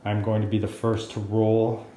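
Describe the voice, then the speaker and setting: A man's voice: fairly low pitch, monotone, warm tone, roomy sound, slight background noise. A man casually narrating a video diary about building his own game table, talking alone in his workshop. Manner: slow, unhurried and chatty. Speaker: hobbyist woodworker vlogger.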